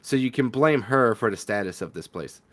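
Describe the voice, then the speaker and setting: A man's voice: medium pitch, animated, normal speed, fairly bright tone, close to an everyday voice. A man voicing a curt, grumpy young woman in a story game who answers bluntly and dismissively. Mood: impatient.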